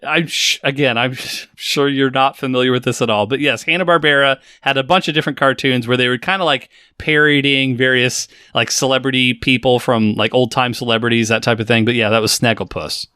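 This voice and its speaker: A man's voice: mid-range voice, steady tone, brisk, hardly any pauses, sharp tone, smooth, no echo, studio quality. A man in his forties hosting a casual podcast, playful and teasing with jokey asides. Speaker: podcast host. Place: home studio in the high desert.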